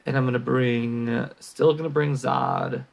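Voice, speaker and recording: A gaming channel host, a man with a gravelly, medium-pitched voice, talks casually over a mobile game he's playing. His tone stays steady and his pace runs a little slow as he thinks aloud, full of ums and sighs, with the occasional hiccup.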